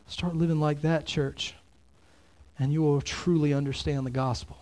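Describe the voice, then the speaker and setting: High-voiced pastor preaching. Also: male voice, moderate pace. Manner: animated, swings from loud exclamations to hushed near-whispers. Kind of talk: sermon.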